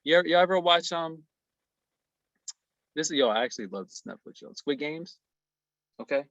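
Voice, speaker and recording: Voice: mid-range voice, lively intonation, normal speed, fairly bright tone, no room sound, lo-fi sound. A trading instructor teaching a casual screen-share lesson, slangy and playful, stressing points and checking in with "okay?" over and over. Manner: slangy, playful, emphatic, asks "okay?" constantly.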